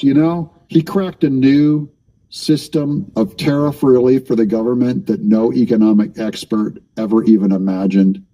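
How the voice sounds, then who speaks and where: A man hosting a political commentary show in a mocking, sarcastic tone, answering the clips he plays. His voice sits at a middle pitch and sounds mellow and dark. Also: normal speed, lo-fi sound. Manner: mocking, talks back at the clips. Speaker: commentary channel host.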